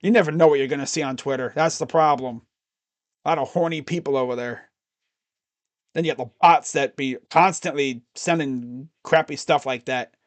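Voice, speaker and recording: A man doing casual live play-by-play reaction to a basketball game, chatty and excitable, with slangy asides between the calls. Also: mid-range voice, moderate pace. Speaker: live stream play-by-play commentator.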